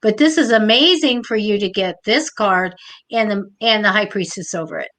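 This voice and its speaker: A woman's voice: medium pitch, normal speed, a bit bright, rough recording. A woman co-hosting a live show as a tarot reader, who talks in a chatty, enthusiastic way with many exclamations. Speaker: psychic tarot reader, co-host.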